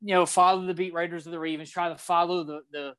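A young man co-hosting a sports podcast, animated and fast-flowing as he retells a game and acts out his own shouting at the TV. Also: fairly high pitch, clear, resonant tone, no echo. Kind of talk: casual sports talk.

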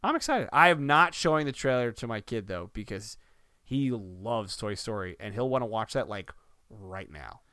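A man's voice: lowish voice, moderate pace, clear, resonant tone, no room sound, clean studio sound. A man co-hosting a casual sports podcast, reading rundowns and joking around with his co-host. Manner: reads rundowns, joking and expressive.

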